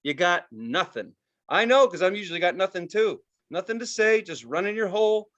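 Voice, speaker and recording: A male podcast co-host tells a story in a casual, exasperated rant packed with swearing. His voice is high-pitched and fairly bright, he talks a little fast, and the sound quality is lo-fi.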